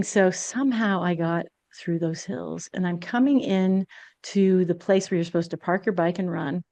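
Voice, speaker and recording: A woman's voice: on the low side, fairly even intonation, moderate pace, a little mellow, no echo. A woman podcast host telling a personal story in a candid, confessional way.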